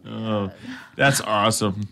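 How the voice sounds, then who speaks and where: A man's voice: lowish voice, steady tone, takes it slowly, creaky, fairly bright tone. A man hosting an internet radio show, chatting casually with his co-hosts, laughing often, rambling and swearing freely. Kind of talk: casual chat.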